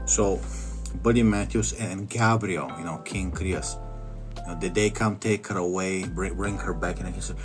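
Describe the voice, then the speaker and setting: A man's voice: deep voice, fairly even intonation, normal speed. A man telling a comic story in a rambling, mumbled, casual way, with music behind. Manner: rambling, mumbled, full of fillers.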